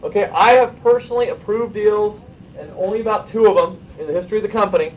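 A man coaching his sales team in a meeting, brisk and persuasive, checking in with "okay?" and firing off rhetorical questions. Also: sits high, distant mic, dull audio, a little hiss or hum. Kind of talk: sales training talk to a room.

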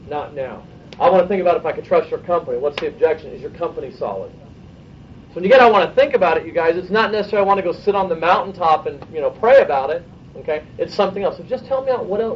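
A man coaching his sales team in a meeting, brisk and persuasive, checking in with "okay?" and firing off rhetorical questions. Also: high-pitched, far from the mic, highs cut off, a little hiss or hum. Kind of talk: sales training talk to a room.

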